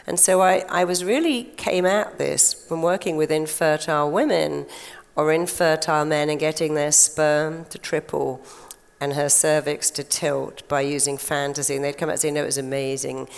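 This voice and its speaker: A woman's voice: sits low, steady tone, moderate pace, creaky, clean tone. An older woman giving a chatty stage talk to a live audience, telling stories and acting out quotes. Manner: chatty, storytelling, acts out quotes. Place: large conference hall. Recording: long hall reverb.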